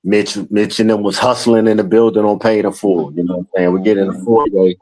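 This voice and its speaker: A man's voice: lowish voice, little pitch movement, a little fast, mellow, dry recording, low-quality recording. A man, a rapper on as a guest, telling a story in a laid-back, slangy way with lots of fillers. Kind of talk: casual storytelling in a conversation.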